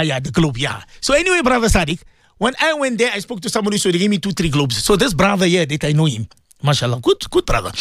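Male radio imam with a slightly high, dry studio voice. Animated storyteller who repeats phrases. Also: dry recording. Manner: animated storytelling, repeats phrases, mixes in Arabic and Urdu words. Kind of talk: storytelling religious radio talk.

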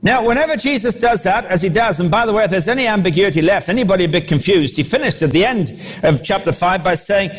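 A man with a high voice delivers a sermon. He preaches with animation and slips into the voices of the people he quotes. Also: expressive, quick pace, hardly any pauses, slightly rough.

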